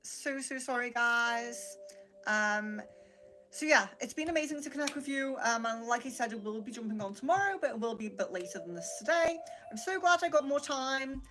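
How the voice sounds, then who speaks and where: A woman's voice: on the high side, animated, moderate pace, a bit bright, faint music behind, rough recording. A British woman hosting a live-stream card reading, greeting viewers by name and chatting casually with many fillers. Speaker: psychic livestream host.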